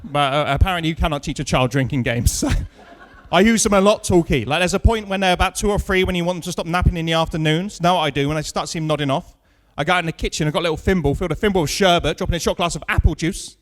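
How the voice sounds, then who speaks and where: A man's voice: on the high side, fast, few pauses. A man in his thirties doing a stand-up set on a comedy club stage, telling self-mocking stories and chatting with the crowd. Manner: dry, self-mocking storytelling with punchlines.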